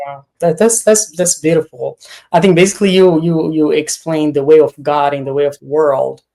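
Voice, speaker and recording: A man, a priest hosting an interview, asking long questions with many restarts and pauses. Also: on the high side, steady tone, creaky, warm tone. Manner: halting, many restarts and fillers while asking. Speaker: host, priest.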